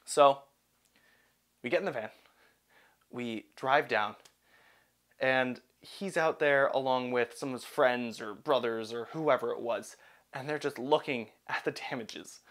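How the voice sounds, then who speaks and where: Young man telling an animated storytime. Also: mid-range voice, unhurried. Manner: animated, self-deprecating. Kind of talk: storytime narration.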